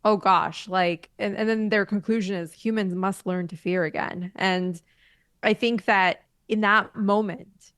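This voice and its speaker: A woman co-hosting a podcast in casual chat about a TV series, thoughtful and animated, laughing often. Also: medium pitch, unhurried, smooth, dry recording, clean studio sound. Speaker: podcast co-host.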